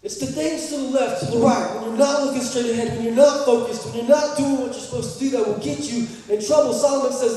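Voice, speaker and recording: A pastor delivers a sermon in a high, mellow voice. He moves between emphatic, repeated points and loose joking asides. The sound is roomy, with a long church-hall reverb and the mic set well back from him. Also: fairly even intonation, fairly quick, distant mic.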